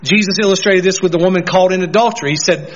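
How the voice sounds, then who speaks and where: A man's voice: high voice, fast talker. Man, pastor, sermon, earnest, questioning the congregation, muffled lo-fi sound.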